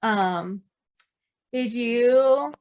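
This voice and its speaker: An American woman co-hosting a podcast, relaxed and unhurried as she reads listener questions. Her voice is fairly high and her pace is slow. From United States. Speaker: podcast co-host. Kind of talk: casual chat.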